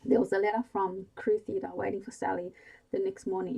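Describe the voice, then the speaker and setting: Gravelly, dark-voiced woman reading a bedtime story. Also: mid-range voice, rough recording. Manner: slow, hushed bedtime reading. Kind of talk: whispered role-play.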